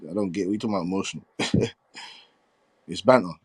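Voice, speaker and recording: A man argues boxing in a casual, heated debate, full of profanity and mocking laughter. His voice sits low, and the sound is dry and close. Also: quick pace, breathy edge, no echo. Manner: profane, combative, laughing banter.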